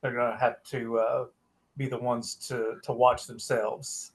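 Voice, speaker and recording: A man co-hosting a casual wrestling chat, with a voice at an ordinary middle pitch. He speaks in a measured way, hesitating now and then as he thinks it through. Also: little pitch movement, low-quality recording. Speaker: co-host.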